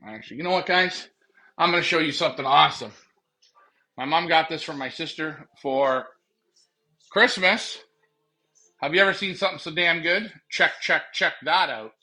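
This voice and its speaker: A man's voice: fairly high pitch, sharp tone. A man hosting a pigeon racing live stream, joking and rambling to viewers as he walks out to his backyard loft at night. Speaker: pigeon racing show host. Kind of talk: casual live-stream chat.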